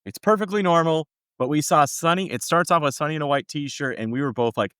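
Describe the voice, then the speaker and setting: A man co-hosting a casual podcast, giving wry, lively commentary on old wrestling shows. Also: fairly high pitch, fast, smooth, no echo, clean studio sound. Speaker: podcast co-host. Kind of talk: casual recap chat.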